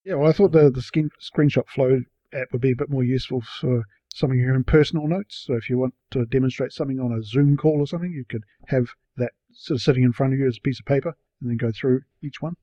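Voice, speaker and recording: Guy talking fast on a podcast, mellow voice, muffled lo-fi sound. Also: medium pitch, fairly even intonation, no echo. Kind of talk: casual chat. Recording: dull lo-fi sound.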